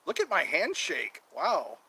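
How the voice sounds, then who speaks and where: A man with a lively, bright voice rambles through a casual outdoor livestream. He wanders from topic to topic, joking and drawing out his words at an unhurried pace. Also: fairly high pitch, husky, poor audio. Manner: meandering, jokey, drawn-out words. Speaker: channel host.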